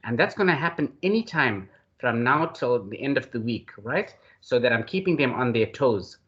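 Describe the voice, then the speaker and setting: A man's voice: medium pitch, animated, normal speed, fairly bright tone. A male lecturer hosting an online class, effusive and praising, who keeps addressing the other man by name. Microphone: video call. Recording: dull lo-fi video call audio.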